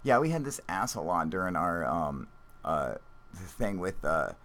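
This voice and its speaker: A man with a fairly low voice hosts a live stream in a loose, unscripted way. He reads out viewer comments, rambles through his thoughts, and swears freely, often breaking into laughter. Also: big pitch swings, moderate pace, a bit bright.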